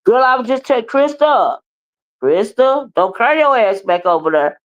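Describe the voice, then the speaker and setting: A woman's voice: on the high side, sing-song, normal speed, highs cut off. Sassy woman ranting on a livestream. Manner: sassy, scolding, repeats "okay?" and "child". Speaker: livestream host. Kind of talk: casual livestream rant.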